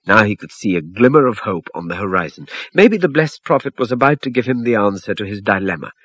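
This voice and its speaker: Husky man narrating a solemn story. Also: lowish voice, expressive, brisk, fairly bright tone, no room sound.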